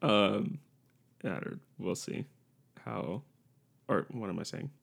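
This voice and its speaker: A man's voice: on the low side, animated, slow pace, creaky. A young man co-hosting a podcast, chatting casually and rambling, laughing often. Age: young adult. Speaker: podcast co-host. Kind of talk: casual chat.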